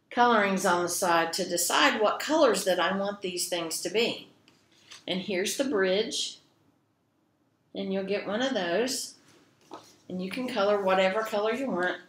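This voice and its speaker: A woman librarian tells a story to children in a gentle, expressive way. She speaks slowly and talks straight to the kids. Her voice echoes noticeably in the room. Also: medium pitch, a little hiss or hum.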